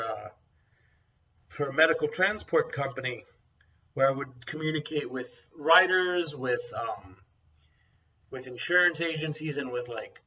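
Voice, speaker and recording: A man's voice: mid-range voice, sharp tone, slight background noise. A young man chatting casually as a co-host. He talks bluntly and rambles, full of fillers. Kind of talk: casual chat. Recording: dull, distant mic sound.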